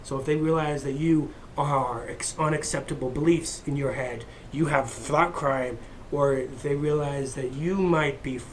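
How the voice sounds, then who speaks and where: A man's voice: fairly high pitch, fairly even intonation, measured pace, slight background noise. A man ranting in a crude, heated, rambling monologue as a vlogger.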